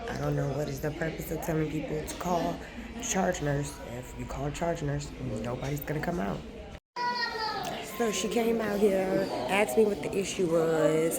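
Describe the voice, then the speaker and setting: A woman vlogger ranting angrily in a hospital emergency waiting room, cursing and venting, recorded on a phone. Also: fairly low pitch. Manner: furious, profane, venting. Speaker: travel vlogger. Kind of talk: angry vlog rant.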